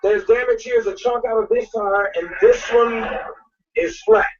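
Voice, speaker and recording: A man's voice: very high voice, fairly even intonation, normal speed. A man arguing outdoors beside parked cars, confrontational and repeating taunts and insults, captured on a phone video. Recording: muffled distant phone video.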